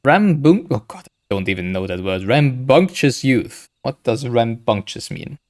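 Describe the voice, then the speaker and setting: A man's voice: mid-range voice, animated, a little slow, darkish tone. A man giving casual, rambling gameplay commentary, thinking aloud with frequent hesitations. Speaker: gaming streamer.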